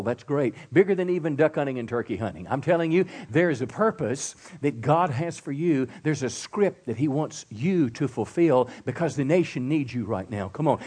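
A man's voice: mid-range voice, darkish tone, breathy edge. Fervent preaching man, pastor. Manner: emphatic preaching with "come on" call-outs. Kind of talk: sermon. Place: church service.

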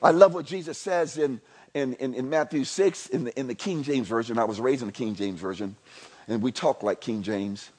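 A man preaching a sermon in a church. He is animated and chatty, repeating phrases and rising from soft asides to near-shouting. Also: mid-range voice, moderate pace. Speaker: pastor.

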